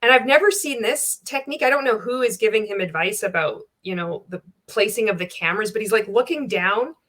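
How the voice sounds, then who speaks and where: Bright-voiced woman reacting, blunt and profane. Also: mid-range voice, brisk. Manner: candid, profane, wry, laughs often. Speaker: reaction video host. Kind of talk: casual commentary reacting to a clip.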